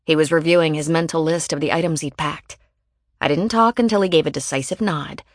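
Low-voiced woman narrating an audiobook. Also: a little fast, no echo, studio quality. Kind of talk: first-person audiobook narration.

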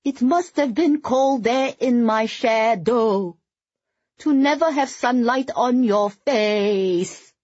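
A man's voice: very high-pitched, slow pace, a little mellow, no echo, muffled recording, voice pushed up, exaggerated voice. Narrator doing a man belting off-key in a quivering tenor. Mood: belting, earnest. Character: male mourner belting a pop ballad off-key.

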